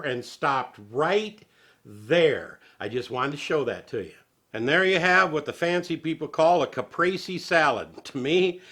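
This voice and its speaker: Bright-voiced folksy male cooking host. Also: fairly high pitch. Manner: homespun, chatty, chuckles often.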